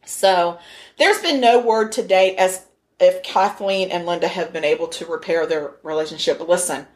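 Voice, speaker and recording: A woman co-hosting a casual podcast, telling a story in an animated, joking way with frequent laughs. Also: lowish voice, moderate pace. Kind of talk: casual chat.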